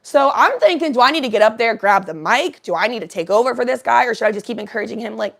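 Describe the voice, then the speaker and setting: A woman's voice: on the high side, fast, gravelly. Chatty young woman telling a story. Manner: chatty, profane, animated storytelling; greets live viewers by name. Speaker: vlogger. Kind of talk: casual storytime chat.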